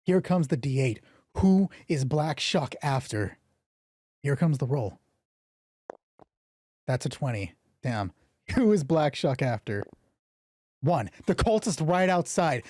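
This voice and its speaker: A man narrating and rolling dice for a solo tabletop game stream, excitable and swearing freely, his voice getting hoarse. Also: on the high side, takes it slowly, pauses often, dry recording, studio quality. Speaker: game master.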